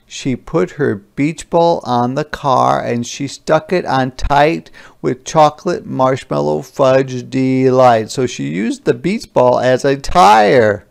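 A man reading a picture book aloud to young children as a teacher, pausing to explain words gently. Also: mid-range voice, gravelly, clear, resonant tone.

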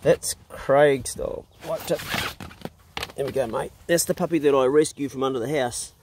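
A man's voice: medium pitch, moderate pace, background noise. A man in his forties with a New Zealand accent, chatting casually as he vlogs a road trip and talks fondly to his dogs, recorded on a handheld camera in a truck and outdoors by the road. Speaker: vlogger.

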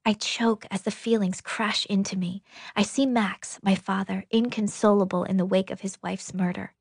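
A woman narrating a novel in an intimate, breathy, half-whispered audiobook reading. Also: mid-range voice, fairly even intonation, normal speed, no echo, studio quality.

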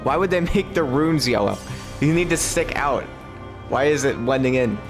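Young man, game streamer, live commentary, swears a lot, sudden high yelps, clear music behind. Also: lively intonation, normal speed.

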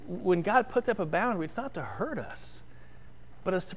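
Male pastor, sermon storyteller, high and animated delivery, church sanctuary. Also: normal speed. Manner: storytelling, rising and falling, ends in prayer.

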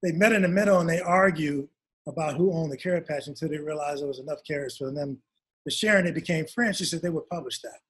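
Husky man telling stories warmly. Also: on the high side, fast. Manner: animated storyteller acting out quoted parents. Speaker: author and guest. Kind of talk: storytelling interview.

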